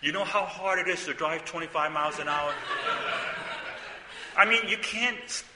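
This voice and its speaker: A man's voice: a little high, moderate pace, echoey room, big-room sound, very noisy. An older man giving a sermon, telling a personal story in a conversational way with asides and rhetorical questions. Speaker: preacher.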